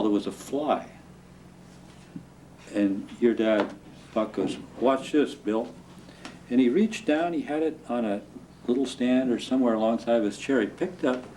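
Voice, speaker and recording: An older man from the Northern California coast recalling childhood memories in an unhurried way, laughing through vivid moments, at a museum talk. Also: medium pitch, dark tone. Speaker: storyteller guest. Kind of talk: anecdotal storytelling. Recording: distant mic with clear background noise.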